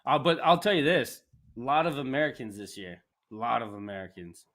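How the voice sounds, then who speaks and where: A man's voice: medium pitch, fairly quick. Rambling Canadian man in casual chat. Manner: rambling, animated, laughs often. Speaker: podcast host.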